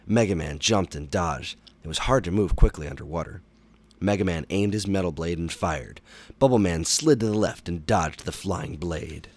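A man with a very low voice reads a children's adventure book aloud. His storytelling is animated and dramatic, pushing up for exciting moments. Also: normal speed. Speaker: storybook reader. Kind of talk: audiobook narration for children.

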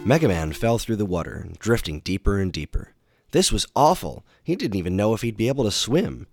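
A man with a very low voice reads a children's adventure book aloud. His storytelling is animated and dramatic, pushing up for exciting moments. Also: fairly quick, soft background music. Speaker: storybook reader. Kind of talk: audiobook narration for children.

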